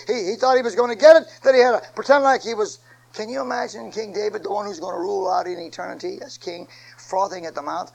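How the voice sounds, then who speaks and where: Fiery high-voiced preacher. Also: male voice, gravelly, poor audio. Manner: fiery, swings from soft to shouting, repeats phrases. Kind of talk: sermon.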